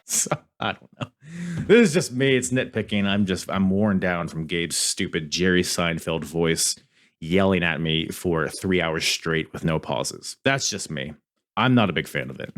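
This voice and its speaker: A man's voice: deep voice, lively intonation, unhurried, a bit bright. A man hosting a podcast in casual review chat, rambling and swearing, often cutting himself off mid-sentence. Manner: rambling, profane, self-interrupting. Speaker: podcast host.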